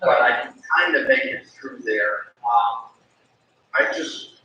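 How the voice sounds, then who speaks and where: A man's voice: mid-range voice, huge pitch swings, slow, muffled recording. A man on a town board talking loosely and easygoing, trailing off now and then. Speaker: board member. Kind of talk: casual meeting discussion. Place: town meeting room. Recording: very echoey room, distant mic, faint noise.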